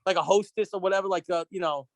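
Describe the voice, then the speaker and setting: A man as a podcast guest, telling stories in an excitable, rambling way, full of restarts and acted-out quotes. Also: high-pitched, fast talker, dry recording. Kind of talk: casual storytelling chat. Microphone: podcast microphone.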